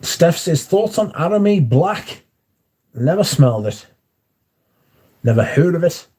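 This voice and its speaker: A man's voice: fairly high pitch, big pitch swings, measured pace, dark tone, slightly rough. Dry, offhand man. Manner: dry, offhand, reads chat comments aloud and answers briefly. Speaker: livestream host reading chat. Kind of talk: casual chat.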